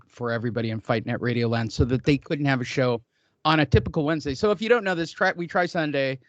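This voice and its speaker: A man's voice: a little high, no echo, lo-fi sound. A middle-aged man hosting a casual podcast, rambling through jokey stories and ribbing his co-hosts. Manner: joking, rambling storyteller. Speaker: podcast host.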